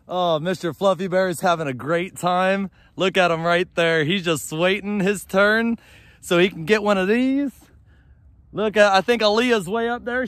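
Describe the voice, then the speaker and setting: A man vlogging outdoors in the snow with his service dog. He is cheerful and excitable, laughs often, and calls out short commands and praise to the dog from a handheld camera. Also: high voice, moderate pace, no room sound. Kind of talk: casual vlog narration and dog commands.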